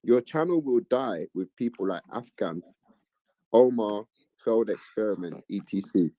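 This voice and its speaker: A man's voice: lowish voice, animated, a little slow, mellow, no room sound, highs cut off. Man chatting on a live stream. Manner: reads chat messages aloud, repeats lines, chatty. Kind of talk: casual live-stream chat.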